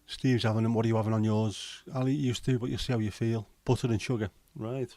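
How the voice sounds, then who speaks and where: A middle-aged man, hosting a relaxed livestream and chatting with viewers in a jokey, rambling way. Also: lowish voice, quick pace, no room sound. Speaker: livestream host. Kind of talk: casual chat reading viewer comments.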